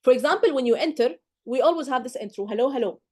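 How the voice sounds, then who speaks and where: A woman's voice: high-pitched, expressive, quick pace, darkish tone. A woman tutoring medical exam candidates in a live lecture, emphatic and constantly checking in with "okay?" and "do you get?".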